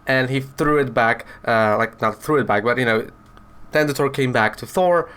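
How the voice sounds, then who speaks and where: A man's voice: medium pitch, moderate pace, a bit bright, clear, resonant tone. A man casually reviewing a comic book, chatty and rambling as he retells the story.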